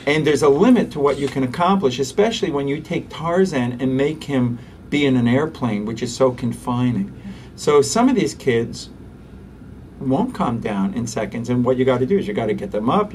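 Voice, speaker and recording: Animated male pediatrician interviewed. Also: mid-range voice, brisk, far from the mic, a little hiss or hum. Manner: animated, acts out parents and children. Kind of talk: interview, explaining parenting techniques.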